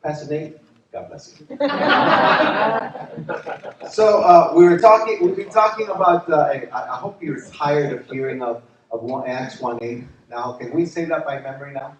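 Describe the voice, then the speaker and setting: Joking pastor preaching in an echoey hall. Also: male voice, fairly high pitch, unhurried, recorded from a distance, dull audio, background noise. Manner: lively, joking, asks the crowd questions. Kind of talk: retreat sermon. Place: church retreat hall.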